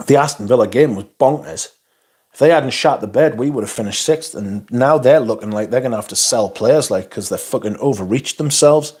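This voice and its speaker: A man's voice: medium pitch, brisk, darkish tone, breathy edge. A man hosting a casual livestream. He reads viewer comments aloud and answers them bluntly, swearing often and adding asides. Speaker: livestream host. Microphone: phone.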